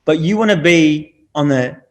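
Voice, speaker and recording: A man's voice: a little high, animated, moderate pace. Middle-aged aussie guy, blunt and preachy, swears a lot, casual podcast chat. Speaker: podcast guest.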